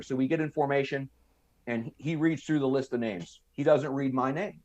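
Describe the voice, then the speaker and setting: A middle-pitched American man in his fifties, telling an old story on a podcast in relaxed, casual talk. He jumps into the voices of the people he quotes and then drops back into his own plain speaking voice. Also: moderate pace, lo-fi sound. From United States. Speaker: podcast guest. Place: podcast studio.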